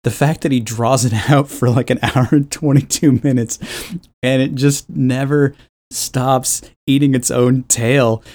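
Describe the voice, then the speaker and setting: A man's voice: mid-range voice, steady tone, unhurried, a little mellow. Man, co-host, casual chat, wry rambling delivery, swears a lot. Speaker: podcast co-host.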